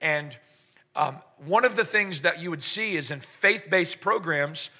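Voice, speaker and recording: A man's voice: a little high, animated, unhurried, bright, forceful tone. A man preaching a sermon to a congregation, telling stories with joking asides and call-and-response. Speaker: pastor. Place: church service in front of a congregation.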